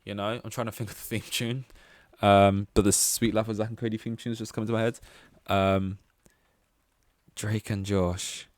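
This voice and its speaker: Rambling young man, low dry voice. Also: level tone, normal speed, no echo. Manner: rambling, chatty and self-deprecating, with frequent fillers. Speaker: podcast host. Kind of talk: casual solo podcast monologue.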